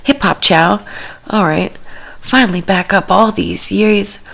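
A woman's voice: mid-range voice, slow, vocal fry, a bit bright. A woman podcast host giving comedic commentary on a cooking show, with dry, rambling asides that often drop to a whisper.

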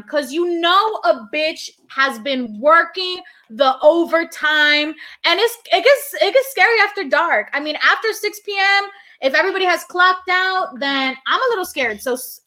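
A young woman hosts a podcast in loose, playful banter, a little tipsy and swearing freely. Her voice sits high and sounds bright. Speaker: podcast host. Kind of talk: casual chat.

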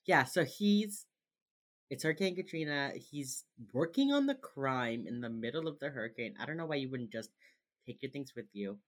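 Low-voiced woman recapping with wry humor. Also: lively intonation, normal speed. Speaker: podcast co-host. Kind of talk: casual chat.

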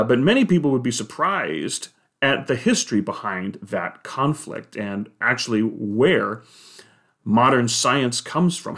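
A man giving a measured, explanatory monologue on faith and science, with the odd hesitation. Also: mid-range voice, fairly bright tone. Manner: measured, explanatory, with occasional filler "uh".

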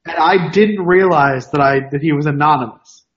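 A man's voice: a little high, normal speed, fairly bright tone, dull audio. A man from New York with no regional accent, co-hosting a podcast in casual, rambling chat full of tangents. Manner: rambling, self-interrupting, wanders into tangents. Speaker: podcast co-host.

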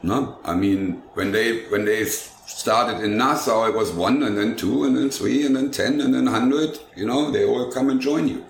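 A man's voice: mid-range voice, moderate pace, creaky, few pauses, slight background noise. An older man, a food truck owner and chef, chatting in an interview and rambling enthusiastically through his dishes step by step. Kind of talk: casual interview chat. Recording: roomy echo with faint ambience.

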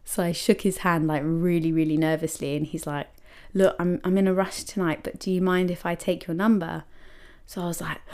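A young woman hosting a podcast, telling a personal story in a lively, chatty way full of "like" and acted-out quotes of herself. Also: lowish voice, brisk, clean tone. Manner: animated, many likes and quoted self-talk. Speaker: podcast host.

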